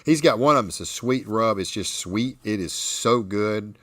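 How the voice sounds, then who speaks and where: A man hosting a barbecue talk show, telling stories with animated enthusiasm. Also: lowish voice, a little slow, dry recording. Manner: animated, enthusiastic storytelling with frequent restarts. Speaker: podcast host. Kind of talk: casual chat.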